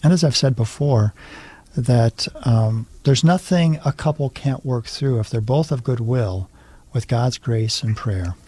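A man's voice: medium pitch, unhurried, mellow, husky, no room sound. A man, a priest co-hosting a radio talk show, speaking reflectively in a pastoral way. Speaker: priest, co-host.

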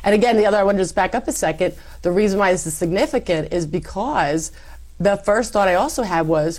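A middle-aged woman giving a personal testimony in conversation, animated, acting out quoted lines. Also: mid-range voice, fast. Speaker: guest telling her faith story.

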